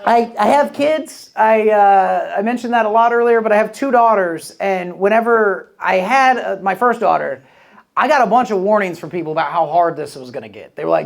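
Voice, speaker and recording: A man's voice: high-pitched, lively intonation, normal speed, gravelly. A man doing a crude, rambling stand-up set, telling stories and acting out quoted voices. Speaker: stand-up comedian. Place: comedy club before a live audience. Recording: live club audio with crowd. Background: audience laughter.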